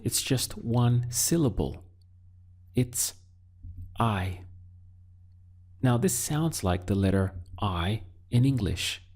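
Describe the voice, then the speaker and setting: A man teaching a Spanish lesson, speaking deliberately and pausing so the learner can answer. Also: on the low side, a little mellow. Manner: slow, deliberate teaching with pauses for learner practice. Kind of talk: video language lesson.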